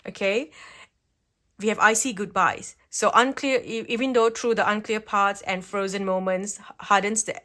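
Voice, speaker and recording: A woman's voice: mid-range voice, normal speed, fairly bright tone. A woman giving a pick-a-card tarot reading at home, chatty and reassuring, often checking in with "okay?". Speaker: tarot reader. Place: home, at a table with cards.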